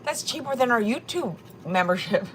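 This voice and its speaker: A woman's voice: fairly high pitch, expressive, normal speed, noisy background. A woman hosting a livestream, chatting casually and gossiping about clips, swearing now and then. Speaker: livestream host.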